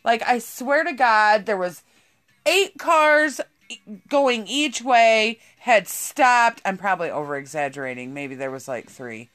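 A woman's voice: a little high, lively intonation, a little slow, fairly bright tone. A woman, telling a rambling story in casual chat, swearing constantly and laughing often. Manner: profane, rambling, laughs a lot.

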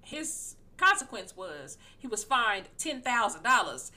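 A woman hosting a podcast in casual sports chat, animated and slangy, with a playfully incredulous manner. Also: a little high, unhurried. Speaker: podcast host.

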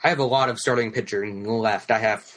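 A man's voice: on the low side, brisk, fairly bright tone. A male podcast co-host in a casual fantasy baseball draft chat, talkative and quizzing his partner about picks.

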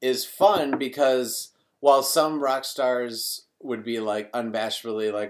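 A man's voice: mid-range voice, fairly even intonation, a little slow, few pauses. A man co-hosting a casual movie discussion, rambling and correcting himself as he talks. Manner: rambling, self-correcting, frequent laughs. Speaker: podcast co-host.

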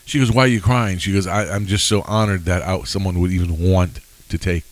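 Very low-voiced man, podcast co-host, earnest personal talk, stumbling restarts, dry close sound. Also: steady tone, a little fast, no room sound, rough recording. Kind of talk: casual Bible study chat.

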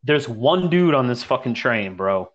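On a muffled recording, a young man with a medium-pitched voice speaks a little slowly while telling friends a story. He's slangy and profane, acting out each person he describes.

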